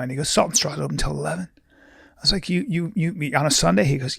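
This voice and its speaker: Gravelly man telling comic stories. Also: a little high, fast talker, fairly bright tone, no room sound, studio quality. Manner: playful storyteller, acts out voices of people in his stories. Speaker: podcast host. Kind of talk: casual comedic chat.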